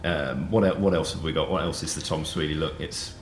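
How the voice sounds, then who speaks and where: A man's voice: a bass voice, brisk. A man hosting a podcast interview, enthusiastically summarizing points for his listeners. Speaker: podcast host. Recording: echoey room, faint hiss.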